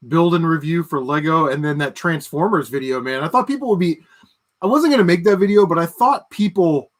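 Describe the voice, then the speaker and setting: Man, high voice, livestream host, casual chat, ranting, profane, laughs a lot. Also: a bit bright. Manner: ranting, profane, laughs at his own jokes.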